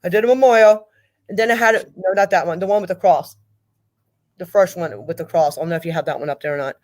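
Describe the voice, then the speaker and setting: A middle-aged woman speaking as a grieving mother in an interview, talking in a halting way and repeating herself. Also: lowish voice, a little mellow. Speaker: guest, mother of a victim. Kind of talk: emotional interview over a call.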